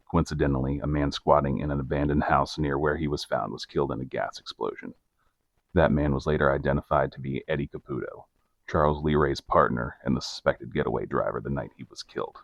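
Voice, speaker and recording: In a very deep, gravelly voice, a man co-hosting a podcast recounts a case in a flat, measured true-crime manner. The recording is dry.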